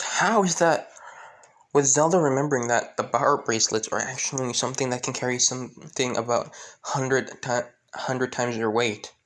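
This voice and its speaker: A man tells a fan fiction story off the cuff, in a casual, rambling way. He fills gaps with the same stock phrases and often restarts his sentences. His voice sits at a middle pitch. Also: fairly bright tone. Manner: rambling, many fillers and restarts, keeps repeating stock phrases.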